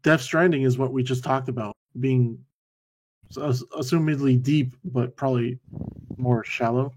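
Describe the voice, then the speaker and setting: A man's voice: medium pitch, steady tone, normal speed, darkish tone, a little hiss or hum. A man co-hosting a casual video game talk show. He talks in a laid-back way with dry, wry asides. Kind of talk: casual game-discussion chat.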